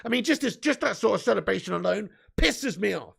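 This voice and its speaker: Gravelly-voiced young man. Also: high-pitched, expressive, a little fast, a bit bright. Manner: banter with frequent swearing and laughter. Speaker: live-stream host. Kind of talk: casual live-stream chat.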